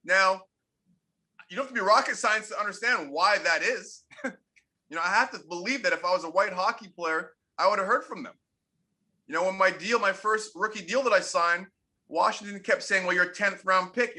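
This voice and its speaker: A man's voice: high voice, pushed and bright. A man in his forties, a former pro hockey player from Canada, telling stories in an interview, emphatic and repeating his points for effect. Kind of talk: candid interview storytelling.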